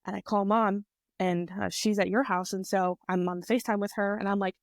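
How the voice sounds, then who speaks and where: A woman in her twenties, a podcast guest, telling a personal story in a chatty, animated way on a close mic. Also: medium pitch, brisk, dry recording. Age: 20s. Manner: chatty, animated retelling with quoted voices. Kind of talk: casual storytelling.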